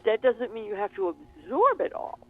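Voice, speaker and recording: A woman guest in an interview, telling stories in an animated, expressive way. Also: sits high, moderate pace. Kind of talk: interview conversation. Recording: tinny phone line.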